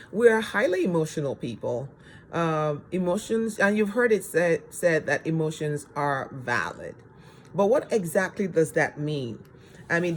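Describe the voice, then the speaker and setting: A man acting as a course instructor delivers a recorded self-help lecture in an earnest tone. His voice runs on the high side, and he poses rhetorical questions to the listener while repeating phrases for emphasis.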